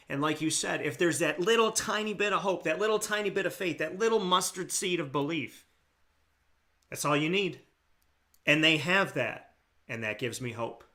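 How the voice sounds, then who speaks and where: A man's voice: fairly high pitch, pushed and bright. An American man hosting a talk show, speaking with earnest passion and repeating his key phrases for emphasis. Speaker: radio show host. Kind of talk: heartfelt talk show monologue.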